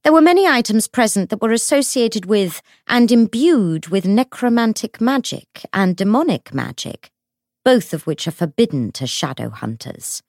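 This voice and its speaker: A woman's voice: medium pitch, sing-song, normal speed, darkish tone, dry recording, studio quality, voice pushed up. A woman voicing a small, neat middle-aged official who speaks in a practiced, projecting tone. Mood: firm formal.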